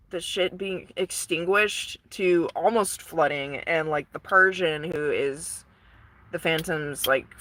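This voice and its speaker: A woman casually retelling a story to camera, rambling, swearing and full of fillers. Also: fairly low pitch. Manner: rambling, profane, animated retelling. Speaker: vlogger.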